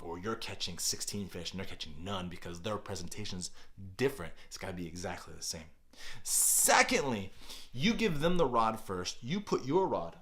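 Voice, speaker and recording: A middle-aged man, a kids pastor, giving parenting advice on a podcast with deliberately exaggerated, energetic delivery. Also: deep voice.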